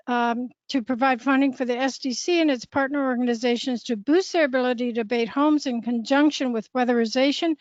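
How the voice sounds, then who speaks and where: A woman's voice: high voice, a little mellow, dry recording. A woman giving public testimony at a council hearing, urgent and appealing. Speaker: public commenter. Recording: dull, muffled call audio.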